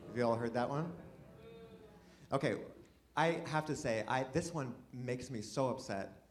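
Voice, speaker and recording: A man doing a stand-up set, rambling and self-deprecating, swinging from mumbled asides to shouted bursts, with audience laughter behind him. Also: mid-range voice, a little slow. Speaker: stand-up comedian. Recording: live club mic with audience noise.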